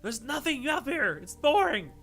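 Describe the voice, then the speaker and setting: A man voicing a gruff, blustery male taxi driver who yells at his son. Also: steady tone, fairly quick, soft background music. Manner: shouting, high and strained.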